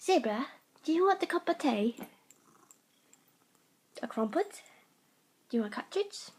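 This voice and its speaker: A woman's voice: sits high, big pitch swings, a little slow, darkish tone, pitched above the performer's own voice. Young woman doing a chirpy British put-on voice. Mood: teasing. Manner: sing-song baby talk to a cat. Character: cheery high-pitched woman with a put-on British accent.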